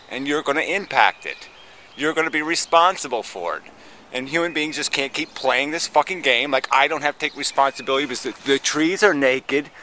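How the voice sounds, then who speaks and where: A man's voice: medium pitch, bright, forceful tone, a little hiss or hum. A man in a heated debate monologue, ranting angrily with heavy swearing and many stop-start restarts. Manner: angry, profane ranting; hesitant restarts with frequent fillers. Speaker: debate participant.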